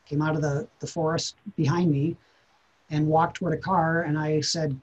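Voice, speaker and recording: A man's voice: a little high, little pitch movement, normal speed, darkish tone, husky, muffled recording. A man, a podcast guest, telling a personal story in an earnest, reflective way, often repeating words as he thinks.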